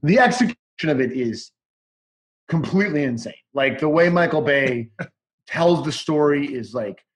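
A man's voice: on the high side, animated, moderate pace. Rambling, enthusiastic man chatting. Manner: rambling, enthusiastic, swears casually. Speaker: guest. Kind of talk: casual podcast chat.

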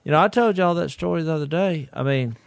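A middle-aged man, telling a story in a folksy, animated way during casual chat. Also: on the high side, fast, creaky, clean tone, no echo, clean studio sound. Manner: folksy, animated, laughs through his stories. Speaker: podcast co-host.

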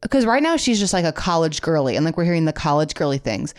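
A young woman co-hosts a casual podcast and keeps the conversation moving. Her voice sits on the low side, yet it swings widely in pitch and sounds very animated. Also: quick pace. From has kids. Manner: lively, drives the conversation along. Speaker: podcast co-host. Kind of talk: casual chat.

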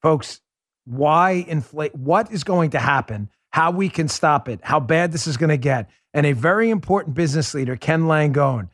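A man's voice: a little high, lively intonation, moderate pace, a bit bright, no echo, studio quality. A man hosting a political talk show, delivering an emphatic, sarcastic monologue full of rhetorical questions.

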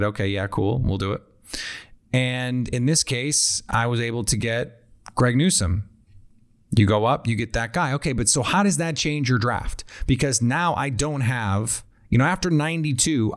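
A man hosting a sports podcast, talking through draft trade ideas in a loose, conversational way with frequent restarts. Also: medium pitch. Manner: conversational, frequent restarts, quotes imagined team thinking. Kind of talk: casual analysis monologue.

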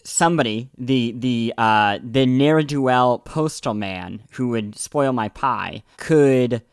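A man's voice: medium pitch, takes it slowly, clear, resonant tone, dry recording. A podcast host with a mid-range male voice who keeps the talk grounded, asking plain follow-up questions with a wry edge. The close mic leaves his voice dry, with no room sound. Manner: wry, asks clarifying questions. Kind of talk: casual conversational podcast.

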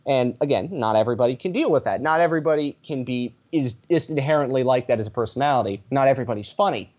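A man's voice: mid-range voice, fast talker, darkish tone. A man chatting as a podcast guest, rambling through tangents with a sarcastic sense of humor. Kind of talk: casual podcast chat. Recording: dull lo-fi sound.

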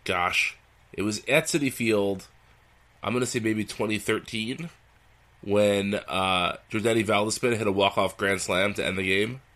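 Man, podcast host, casual chat, relaxed storyteller. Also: lowish voice, unhurried.

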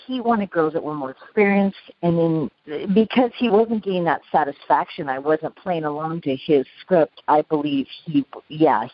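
Halting middle-aged woman, muffled sound. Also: fairly low pitch. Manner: halting, many restarts and fillers. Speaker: interviewee. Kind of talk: recounting a past ordeal in an interview. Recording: dull, lo-fi sound.

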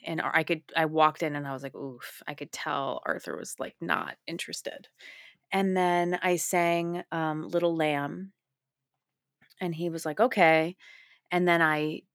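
A middle-aged woman as an interview guest, telling animated stories and acting out what others said. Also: low-pitched, no echo, clean studio sound. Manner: animated storytelling, acts out quotes. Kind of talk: casual interview chat.

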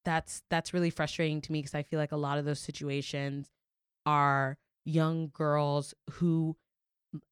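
A woman's voice: deep voice, little pitch movement, measured pace, smooth, dry recording, clean studio sound. A young adult woman in a casual podcast chat, telling a story with lots of "like" fillers and free swearing. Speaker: podcast guest.

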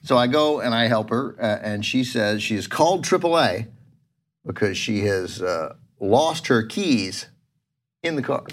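A man in casual podcast chat, rambling through a story about his neighbor. He laughs often and slips into quoted voices, with his pitch sitting in the middle. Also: expressive, measured pace. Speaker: podcast host.

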